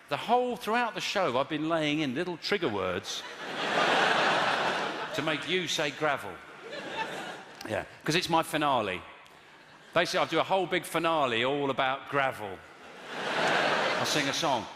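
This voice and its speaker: A man doing improvised stand-up comedy from audience suggestions, mixing deadpan asides with sudden loud bursts. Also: a little high, normal speed. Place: large theatre with audience. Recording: echoey live hall, loud noise.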